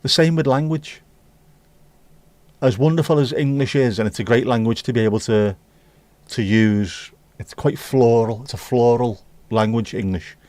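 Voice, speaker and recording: A man hosts a laid-back livestream, rambling from thought to thought as he talks straight to his chat. His voice is dark and mellow at a middling pitch, and it sounds close and dry with no room around it. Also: normal speed, dry recording. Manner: rambling, musing aloud, addressing chat directly. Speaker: livestream host. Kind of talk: casual chat with live viewers.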